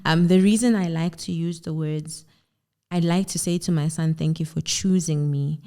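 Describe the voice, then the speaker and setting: A woman's voice: low-pitched, steady tone, moderate pace, mellow. A woman guest on a parenting podcast, speaking earnestly and encouragingly in affirmations. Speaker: podcast guest, mom blogger. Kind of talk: heartfelt conversational interview.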